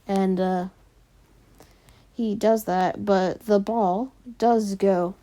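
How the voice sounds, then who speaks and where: A woman casually narrating a fan story, filling pauses with frequent "uh"s. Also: medium pitch, fairly even intonation, dark tone.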